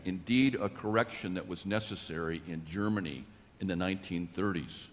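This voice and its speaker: A man preaching a sermon in a measured, deliberate way, with emphatic rises. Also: lowish voice. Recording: long reverb of a church.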